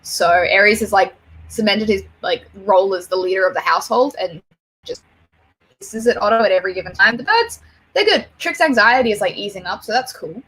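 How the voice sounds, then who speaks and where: A woman's voice: mid-range voice, animated, brisk, fairly bright tone, slightly rough. A young adult Australian woman hosting a livestream, chatting casually, rambling with lots of fillers and swearing freely. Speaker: livestream host.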